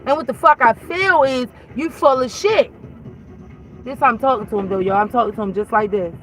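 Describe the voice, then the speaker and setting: A woman's voice: fairly high pitch, fairly quick, a bit bright, poor audio. A mother telling her viewers a story in a heated, blunt way, swearing freely as she retells a conversation. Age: adult. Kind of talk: casual storytime rant.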